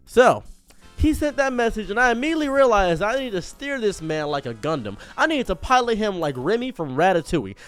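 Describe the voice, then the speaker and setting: A man hosting a comedic storytime in a theatrical, over-the-top manner. His fairly high voice swings widely up and down as he hams it up. Light music plays faintly behind him. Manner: animated, theatrical, exaggerated delivery. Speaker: streamer and commentary host. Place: room in front of a green screen.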